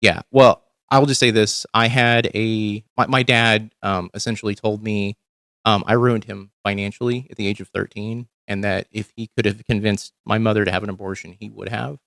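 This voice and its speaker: A man's voice: lowish voice, fairly even intonation, normal speed, gravelly, a bit bright, dry recording, studio quality. A man hosting a casual livestream, talking candidly and rambling with frequent ums and swearing. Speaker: livestream host.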